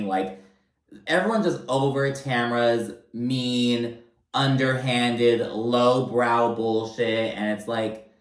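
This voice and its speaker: A man's voice: mid-range voice, slow, fairly bright tone, reverberant, rough recording. A man giving a casual recap of a reality TV episode, blunt, profane and sarcastic in his asides.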